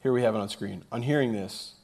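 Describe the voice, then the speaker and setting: A man's voice: fairly low pitch, quick pace, vocal fry, darkish tone. A middle-aged male pastor preaching a sermon in a conversational way, reading scripture aloud and adding humorous asides.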